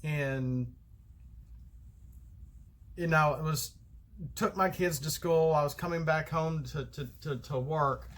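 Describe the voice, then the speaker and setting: A middle-aged Southern man talking casually to camera, wandering from point to point with plenty of fillers. His voice sits a little high and has a bright, tense edge. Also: slow, pauses often. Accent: American Southern. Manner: rambling, loses his thread, many fillers. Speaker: card game vlogger. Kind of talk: casual solo vlog monologue.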